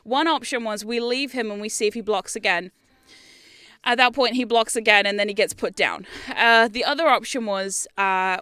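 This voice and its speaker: A young woman streamer in casual chat, rambling, animated and swearing freely. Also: mid-range voice, smooth, no echo.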